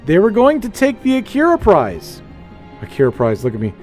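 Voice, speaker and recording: A man chatting casually while streaming a space game, rambling and animated as he tells stories. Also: high voice, normal speed, faint music behind. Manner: rambling, animated storytelling with playful put-on voices. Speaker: gaming streamer. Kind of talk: casual gameplay chat.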